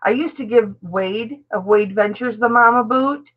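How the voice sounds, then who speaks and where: A woman's voice: on the high side, a little slow, narrow, tinny audio. A middle-aged woman hosting a casual live stream, chatty and affectionate, answering viewers as she talks. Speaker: live-stream host, reseller.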